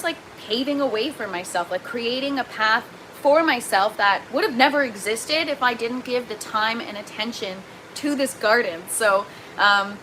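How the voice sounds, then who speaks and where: A young adult woman with a Canadian accent, hosting a gardening livestream in an excitable, chatty way and reading viewer comments aloud. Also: fairly high pitch, slight background noise, rough recording. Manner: excitable, chatty, quick to laugh.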